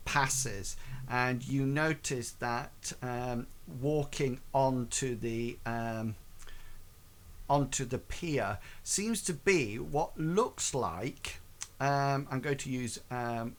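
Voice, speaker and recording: Male game master, slow and meandering, mid-pitched, lots of pauses. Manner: halting, filler-heavy narration. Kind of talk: narrating a tabletop game.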